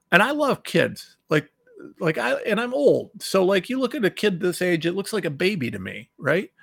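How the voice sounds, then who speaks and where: A middle-aged man from Ohio hosting his own talk show, giving heated, indignant commentary that swings between loud outbursts and low muttering. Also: vocal fry, breathy edge, dry recording, studio quality. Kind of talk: impassioned political commentary.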